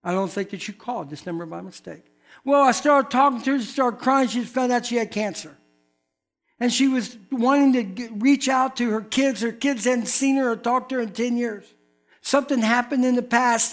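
A man, a pastor from North Carolina preaching a sermon in a church, telling folksy stories and acting out the dialogue. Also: very high-pitched.

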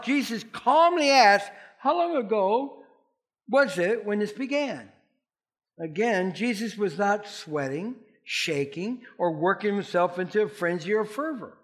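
A man preaching a sermon, expressive and emphatic, leading his congregation in responses. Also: high voice. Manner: leads the congregation in call-and-response. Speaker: pastor.

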